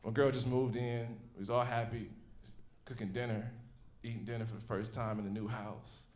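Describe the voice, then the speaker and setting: Animated, profane male stand-up comic. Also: mid-range voice. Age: 30s. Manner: profane, animated storytelling with laughs. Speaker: stand-up comedian. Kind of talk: stand-up comedy set. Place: comedy club theater stage. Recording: roomy live club sound.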